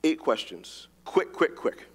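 A man's voice: on the high side, breathy edge, big-room sound. A man preaching a sermon, emphatic and casual, reading scripture and telling a story. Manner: animated, rapid-fire emphatic delivery, casual slang.

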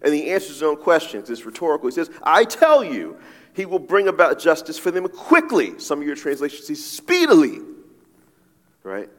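Pastor, male, lively conversational sermon delivery, pitch rising and falling a lot, long hall reverb. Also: normal speed. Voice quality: animated, conversational preaching with many asides and repeated "right?".

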